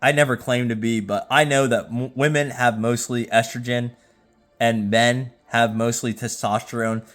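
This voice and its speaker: A man who has been drinking hosts a casual rating video from home, rambling and stammering with sudden excited bursts. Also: medium pitch, normal speed, faint music behind. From Jacksonville, Florida. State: tipsy from drinking. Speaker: YouTube host. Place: at home with a phone. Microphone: phone.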